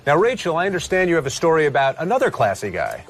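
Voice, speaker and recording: A man's voice: fairly high pitch, huge pitch swings, quick pace, over music. A man co-hosting an entertainment segment with wry, scripted lines. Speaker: co-host.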